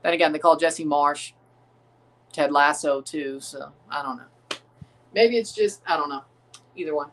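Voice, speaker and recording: A man's voice: fairly high pitch, unhurried, pauses often, a bit bright, distant mic. An American man, chuckling and rambling through casual live commentary while reacting to a soccer match. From United States.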